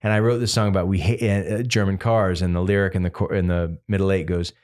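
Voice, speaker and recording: Deep-voiced man rambling through stories. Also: quick pace. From Massachusetts. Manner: rambling, animated storytelling full of fillers. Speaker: singer-songwriter guest. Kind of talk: casual interview chat.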